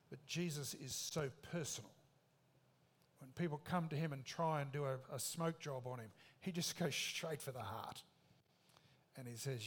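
A man's voice: a little high, moderate pace. A man preaching a sermon in an emphatic, conversational way, with rhetorical questions.

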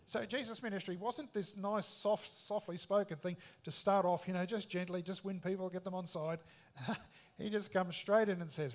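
A man's voice: sits high, normal speed. Emphatic man preaching. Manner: emphatic, conversational preaching with rhetorical questions. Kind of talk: sermon.

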